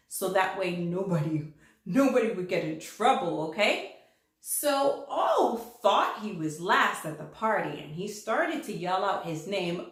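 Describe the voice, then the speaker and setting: A woman's voice: medium pitch, very echoey. A woman teaching a children's reading lesson, telling it as a story and acting out the letters. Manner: animated storytelling, acts out letters' lines.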